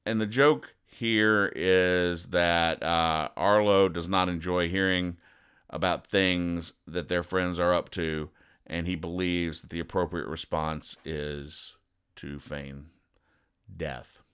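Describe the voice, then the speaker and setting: Guy with a deep smooth voice, deadpan and sarcastic, riffing on comic strips. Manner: dry sarcastic, acts out characters' lines in quick voices. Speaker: comedy podcast host.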